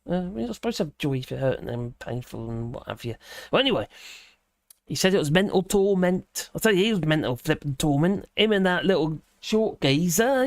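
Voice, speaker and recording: A woman's voice: lowish voice, a little mellow, dry recording, clean studio sound. A woman hosting a livestream, reading a news article aloud and breaking off for sarcastic, mocking remarks, with many fillers and hesitations. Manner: sarcastic, mocking asides between read passages. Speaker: livestream host.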